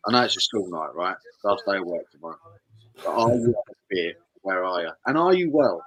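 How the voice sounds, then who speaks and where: A man co-hosting a casual chat, lively and animated. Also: deep voice, fast, no room sound, rough recording.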